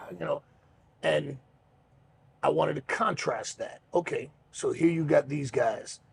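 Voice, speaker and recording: Casting: middle-aged male podcast host, deep gravelly fry, slightly high-set voice, loose and profane storyteller. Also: slight background noise. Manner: relaxed, rambling, swears freely, many fillers. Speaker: podcast host and pro wrestler. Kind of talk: casual storytelling chat.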